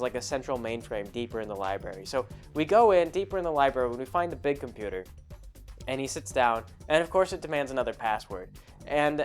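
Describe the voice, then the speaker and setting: A man hosting a podcast, telling a tabletop game story in a casual, rambling way, often breaking off and laughing. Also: medium pitch. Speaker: podcast host.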